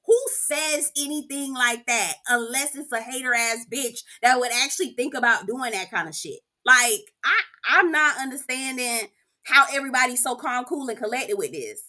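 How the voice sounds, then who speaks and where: A woman with a bright, forceful voice, pitched a little high. She talks in a sassy, profane, animated way. She is giving casual recap commentary. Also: normal speed. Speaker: reality TV recap host.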